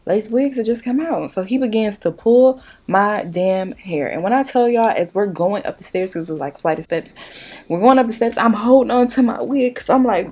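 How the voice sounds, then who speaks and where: A woman beauty vlogger chatting casually through a makeup tutorial, telling a story in a lively, profane way straight to her viewers. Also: medium pitch, moderate pace.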